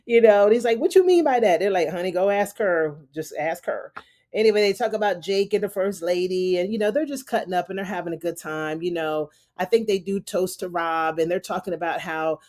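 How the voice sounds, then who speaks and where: A woman recaps a TV episode in a loose, chatty style, sprinkling in lots of "you know" and "honey." Her voice is on the low side with a darkish tone.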